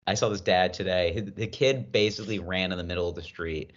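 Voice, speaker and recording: Deep-voiced young man. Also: fast. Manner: laughing, slangy storyteller acting out voices. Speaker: podcast co-host. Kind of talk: casual chat. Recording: muffled lo-fi podcast audio.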